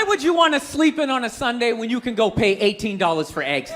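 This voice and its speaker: A man doing a stand-up comedy routine, ranting and swearing in an animated way to a live audience. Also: very high-pitched, fast talker, few pauses. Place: large hall with an audience. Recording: echoey hall, faint crowd noise.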